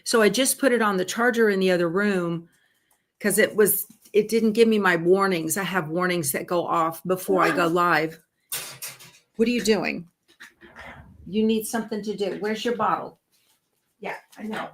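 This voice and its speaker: A woman's voice: mid-range voice, normal speed, long pauses, slight background noise. A woman hosting a live sewing stream, chatting casually and reading viewer comments aloud. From Texas. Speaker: host of a live sewing show.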